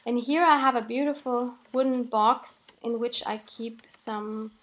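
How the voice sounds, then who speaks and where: A woman calmly narrating a voiceover for her crafting video, explaining each step with light laughs. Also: on the high side, measured pace. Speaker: craft channel host.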